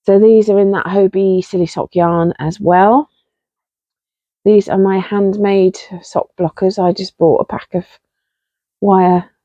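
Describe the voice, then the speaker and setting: A woman's voice: medium pitch, steady tone, measured pace, mellow, no echo. Chatty woman, muffled mic. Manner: chatty, self-deprecating, rambling with fillers. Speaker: podcast host. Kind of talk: casual knitting podcast chat.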